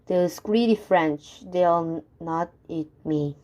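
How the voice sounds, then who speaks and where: A woman's voice: lowish voice, takes it slowly, mellow. A woman voicing a serene, confident male giant snail in a storybook reading, cool and composed.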